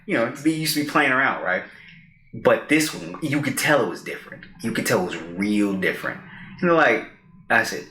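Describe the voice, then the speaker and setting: A man's voice: fairly low pitch, a little fast. A man co-hosting a podcast, telling a personal story casually and animatedly acting out what people said. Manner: animated storyteller who acts out quoted lines. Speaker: podcast co-host. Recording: roomy echo.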